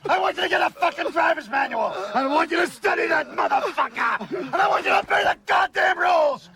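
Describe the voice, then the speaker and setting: A man's voice: very high voice, expressive, a little fast, bright, forceful tone, shouting, some chatter behind, heavily acted. An actor playing a furious, menacing man who screams a profane tirade at a driver in a film scene. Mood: enraged. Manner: screaming profane tirade, hammering each word.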